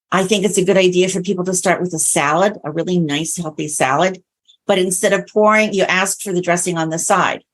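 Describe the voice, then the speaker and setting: A woman guest who coaches clients on diabetes-friendly meals, talking in a chatty, storytelling way in an interview. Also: fairly low pitch. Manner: chatty storyteller, animated retellings. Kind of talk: conversational interview.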